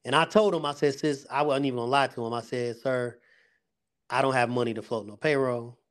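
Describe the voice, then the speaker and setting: A man's voice: medium pitch, steady tone, brisk. A middle-aged man, a security company owner, earnestly telling a faith-filled story of his struggles on a casual podcast, acting out the people in it.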